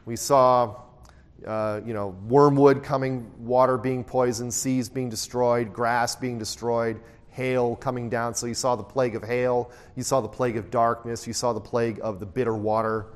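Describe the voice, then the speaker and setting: Here a Bible teacher leads an interactive study, raising his voice to read scripture, then quizzing his group and repeating their answers. He speaks at normal speed with a medium pitch and flat delivery.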